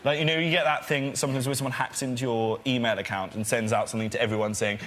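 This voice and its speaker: A man's voice: mid-range voice, fairly even intonation, fast talker, few pauses, a bit bright, slight background noise. A young man, a talk show guest, telling a comic story in a wry way and laughing at his own lines. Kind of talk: comic anecdote.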